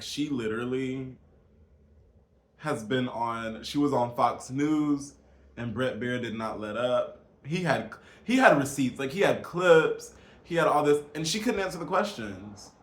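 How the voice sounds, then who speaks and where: A man's voice: medium pitch, animated, takes it slowly. A man vlogging a casual, incredulous rant straight to his viewers, emphatic and calling them y'all. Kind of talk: casual political rant to camera. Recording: echoey room.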